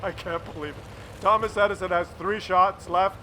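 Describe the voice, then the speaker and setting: High, bright excitable male game commentator. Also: normal speed, slight background noise. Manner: animated, shouts and laughs at big shots. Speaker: gameplay commentator.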